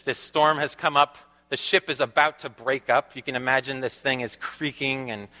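A male preacher talks to his congregation in a loose, chatty way, tossing out questions and laughing often. His voice is bright, forceful and fairly high for a man. It rings with the long echo of a large hall. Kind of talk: conversational sermon.

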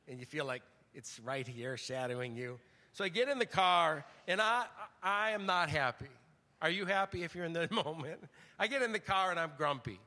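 An older man preaching a conversational, storytelling sermon, swinging from loud emphasis to hushed, near-whispered lines. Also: on the high side. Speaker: pastor. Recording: long church reverb.

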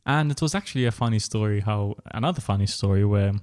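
A man's voice: lowish voice, quick pace, darkish tone. A man from Malta co-hosting a podcast in casual chat, playfully chiming in and finishing his co-host's sentences. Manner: playful, chimes in and finishes the other host's lines. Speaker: podcast co-host.

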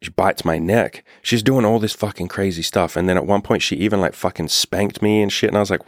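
A man's voice: deep voice, a little fast, no echo, clean studio sound. A man who works as a dating coach, telling a casual, profane story full of fillers.

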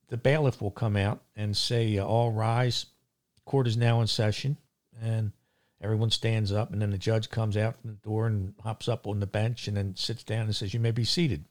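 A man hosting his own podcast, telling a grievance story in a gruff, indignant way with lots of fillers. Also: on the low side, a little mellow. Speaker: podcast host. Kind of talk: casual monologue. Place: seaside town home.

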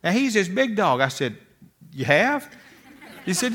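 An older man with a bright, ringing voice, pitched a little high, gives a motivational talk. He works through folksy stories and often repeats a word two or three times before his sentence gets going. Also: big pitch swings, unhurried, slightly rough. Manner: folksy storytelling, repeats words when starting sentences. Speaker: motivational speaker.

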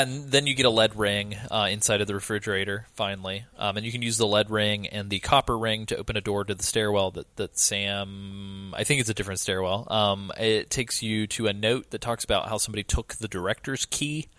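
A man talking through a horror game in a relaxed podcast chat, full of ums and casual swearing. His voice sits low and the sound is dry and close, with almost no room around it. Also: a little fast, few pauses, no echo. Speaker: podcast co-host discussing a game.

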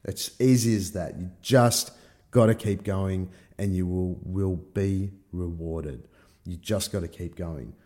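A middle-aged personal development coach delivers a motivational monologue in a low, slow, warm voice. He swears freely and acts out his own inner voices.

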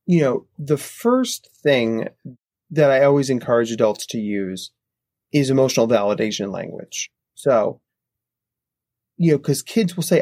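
Male psychologist guest, mid-pitch voice, explanatory podcast delivery, often checks in with "right?", dry close mic. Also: big pitch swings, a little slow, darkish tone, no echo. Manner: explanatory, tags points with "right?". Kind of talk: podcast interview answers. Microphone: podcast microphone.

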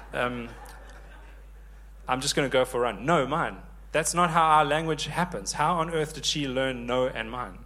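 A man in his thirties preaching a sermon, lively and joking with the congregation. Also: mid-range voice. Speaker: pastor.

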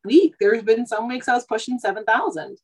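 A woman's voice: a little high, expressive, brisk, breathy edge, rough recording. A woman in her thirties from Canada, a truck driver chatting casually on a podcast, rambling with lots of asides. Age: 30s. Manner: talkative, rambling, many "like" and "you know" asides.

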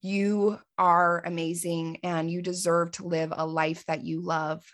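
A woman in her forties, a life coach hosting her own podcast, telling a personal story in an earnest, heartfelt way, with pauses and fillers. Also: lowish voice, flat delivery. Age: 40s.

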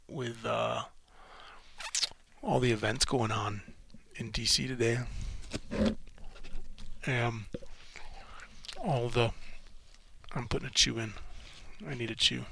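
A man hosting a solo podcast, rambling in halting, profane restarts while emotionally shaken and close to tears. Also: mid-range voice, vocal fry, sharp tone, a little hiss or hum. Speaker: podcast host.

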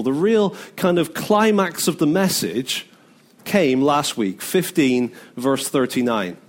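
Male pastor giving a chatty sermon, higher-pitched voice, voices the quotes lightly. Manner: conversational, acts out quoted speech.

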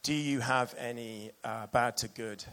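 A man's voice: mid-range voice, steady tone, unhurried, fairly bright tone. A man preaching a sermon earnestly and with emotion, reading passages aloud to his church.

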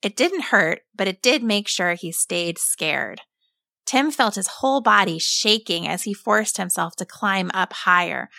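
Bright, gravelly woman storyteller. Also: lowish voice, no room sound, clean studio sound. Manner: calm, expressive read-aloud. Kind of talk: scripted storybook narration.

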